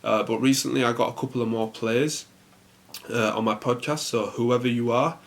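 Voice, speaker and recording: A young man hosting a casual solo podcast, rambling in a relaxed way with lots of fillers. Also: mid-range voice, normal speed, gravelly. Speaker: podcast host.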